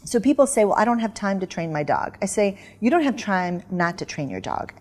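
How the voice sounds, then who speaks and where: A middle-aged woman, a guest author in an interview, telling lively stories and acting out commands. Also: medium pitch, fairly quick. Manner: animated storyteller, acts out dog commands. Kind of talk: casual interview chat.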